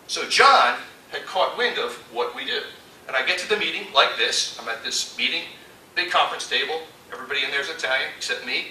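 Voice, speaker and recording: A man giving a storytelling keynote talk, animated and acting out the voices he quotes. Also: a little high, a little hiss or hum. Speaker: conference speaker. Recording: echoey hall from far off.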